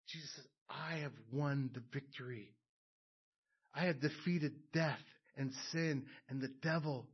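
A man preaching a sermon, building to loud emphatic peaks and then dropping low and quiet. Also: unhurried, slightly rough. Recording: dull lo-fi sound.

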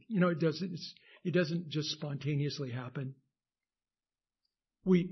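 A male pastor with a slightly high, husky voice delivers a sermon in halting stretches full of fillers and restarts. He builds to emphatic, insistent peaks. The recording sounds dull and lo-fi.

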